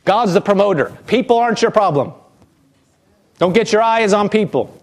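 Pastor guy preaching, fairly high voice, acts out little quotes as he goes. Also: normal speed. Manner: animated preaching, acting out quotes in character voices. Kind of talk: sermon.

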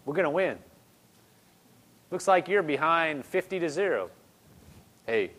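A man's voice: a little high, lively intonation, unhurried, a bit bright. A man preaching a conversational sermon, repeating phrases and rising into emphatic bursts.

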